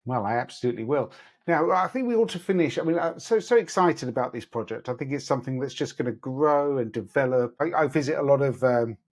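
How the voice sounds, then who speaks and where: Male host from the UK, mid-range voice, warm and encouraging in conversation. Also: medium pitch, animated, fast talker. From United Kingdom. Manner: friendly, encouraging, full of praise. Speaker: interview host. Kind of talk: casual interview chat.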